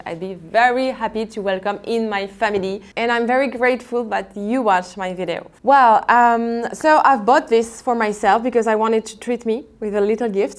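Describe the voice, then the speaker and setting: French-accented woman in her twenties vlogging. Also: medium pitch. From France. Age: 20s. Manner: chatty, apologetic, laughs often, repeats herself. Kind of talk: casual unboxing vlog talk.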